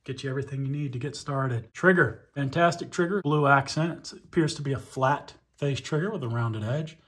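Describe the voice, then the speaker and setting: A man's voice: mid-range voice, brisk, fairly bright tone. A man giving an enthusiastic hands-on review of a pistol, talking conversationally as he points out its features. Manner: enthusiastic, conversational, shows details up close. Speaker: firearms reviewer.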